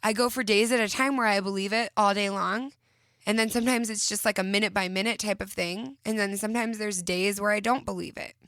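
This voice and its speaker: A woman in her thirties hosting a self-help podcast, talking gently and encouragingly as she guides listeners through a visualization. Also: mid-range voice, steady tone, no room sound, clean studio sound. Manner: gentle, encouraging, slowing into soft whispered visualizations. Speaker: podcast host.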